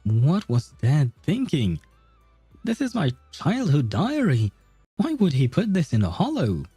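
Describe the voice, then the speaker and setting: Man reading as a young researcher's daughter, dark lively voice, little change from his own. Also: on the high side, measured pace, breathy edge, no echo, faint music behind, voice pushed up, exaggerated voice. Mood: flustered. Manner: plain read-through of game dialogue.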